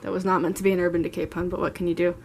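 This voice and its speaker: A woman's voice: fairly low pitch, flat delivery, rapid-fire, noisy background. A woman in her twenties chatting through a casual makeup collection tour, gushing and rambling as she talks. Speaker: beauty vlogger. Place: at home, seated.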